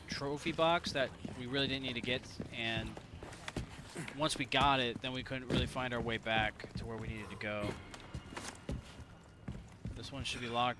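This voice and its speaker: A man's voice: medium pitch, very noisy. A man from Indiana giving casual, profane, rambling let's-play commentary to his viewers. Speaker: gaming streamer.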